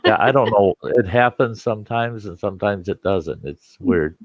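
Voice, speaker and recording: A man's voice: on the low side, moderate pace, dry recording. A man chatting casually on a livestream, easygoing with short answers. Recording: dry, dull lo-fi sound.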